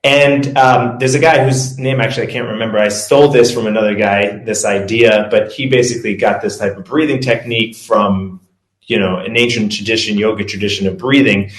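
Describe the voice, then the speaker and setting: Steady in tone and a little fast, a man with a lowish voice leads breathing exercises during a casual presentation as a performance coach. He speaks loosely and corrects himself along the way, and the room is echoey.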